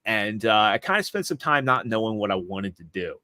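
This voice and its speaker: A man's voice: fairly low pitch, big pitch swings, a little fast, pushed and bright, dry recording. A man in his thirties, a podcast guest, telling long rambling stories with frequent restarts. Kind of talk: casual interview chat.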